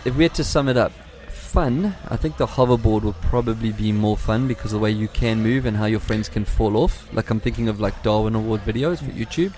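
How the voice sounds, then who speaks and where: An Australian man co-hosting a casual radio tech chat, teasing his co-host with quick banter. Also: fairly low pitch, warm tone, faint music behind. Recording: radio podcast with faint background noise.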